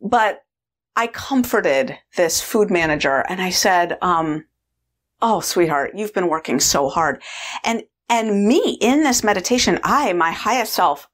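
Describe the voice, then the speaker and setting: A woman in her forties telling a personal story on her vlog, acting out the voices as she goes. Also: on the low side. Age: 40s. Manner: animated storyteller acting out dialogue. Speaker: vlogger, weight-loss coach.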